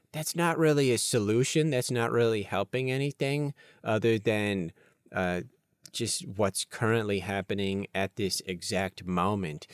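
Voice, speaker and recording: A man hosting a podcast alone, rambling playfully and thinking out loud at his desk. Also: fairly low pitch, clean tone, no room sound, clean studio sound. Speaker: podcast host. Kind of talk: casual solo podcast talk.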